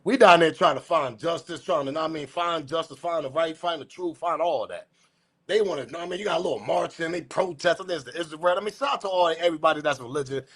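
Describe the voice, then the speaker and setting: A man hosting a news commentary channel, ranting in a profane, slangy, repetitive way, swinging from muttering to shouting. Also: a little high, quick pace, breathy edge. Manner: profane, repetitive, slangy, keeps saying respectfully. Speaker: host.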